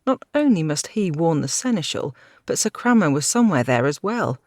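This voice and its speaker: A woman narrating a fantasy audiobook with a steady, dramatic reading. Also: sits low, normal speed, no echo, studio quality.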